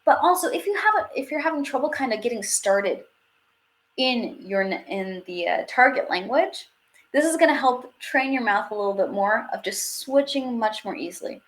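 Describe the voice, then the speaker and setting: Speaking at a normal speed with a slightly high pitch and lively intonation, this young woman runs a live online language lesson. She chats freely, laughs a lot, and slips French expressions into her English, picked up by a webcam or headset mic over video.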